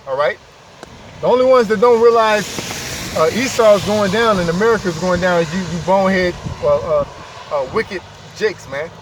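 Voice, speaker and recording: High-voiced man preaching over traffic. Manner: emphatic, repetitive, sprinkled with "man" and "okay". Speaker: street preacher. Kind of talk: informal street preaching. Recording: distant mic, loud traffic noise outdoors.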